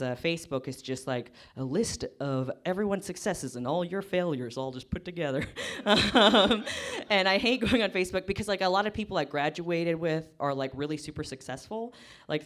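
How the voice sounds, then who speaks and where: Fast-rambling woman stand-up comic. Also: low voice. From Kansas. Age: 20s. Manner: fast, rambling, self-deprecating. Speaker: stand-up comedian. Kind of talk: live stand-up comedy. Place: comedy stage.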